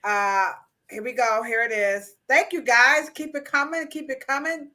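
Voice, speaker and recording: A woman's voice: fairly high pitch, steady tone, unhurried, pushed and bright. A woman hosting a casual livestream chat, playful and teasing, with slangy mock-scolding asides. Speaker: livestream host.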